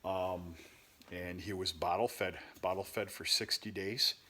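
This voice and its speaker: A man's voice: deep voice, fairly even intonation, unhurried, bright, forceful tone. A man who raises cattle, talking casually and bluntly to camera on his farm, rambling and cursing mildly as he walks around. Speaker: cattle farmer. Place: outdoors on a farm.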